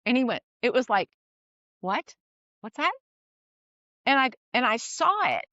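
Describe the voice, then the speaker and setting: Speaking as a guest in a relaxed conversation, a middle-aged woman recounts a personal story about parenting. Her fairly high voice moves briskly, and she's animated, frequently restarting sentences and laughing between phrases. The sound is lo-fi with no room sound.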